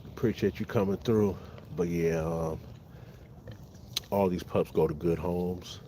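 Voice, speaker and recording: A man's voice: low voice, steady tone, measured pace, warm tone, a little hiss or hum, low-quality recording. A man from California with a Californian accent, hosting a casual livestream and talking easily to his viewers. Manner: laid-back, keeps calling viewers y'all and thanking chatters. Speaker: dog breeder hosting a livestream. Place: outdoors in the cold beside big dogs. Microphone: phone set up on the spot.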